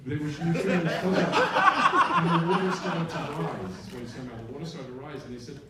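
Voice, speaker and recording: A film director on a festival panel, telling stories in an animated way and acting out other people's voices. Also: male voice, on the high side, quick pace, hardly any pauses, heavy background noise. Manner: animated storyteller, acts out voices. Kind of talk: panel talk. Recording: echoey hall recorded from far off.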